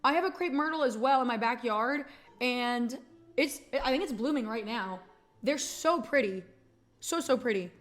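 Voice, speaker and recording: With a fairly high, expressive voice at a moderate pace, a young Texan streamer rambles through a casual chat. She curses freely and gets emotional as she goes.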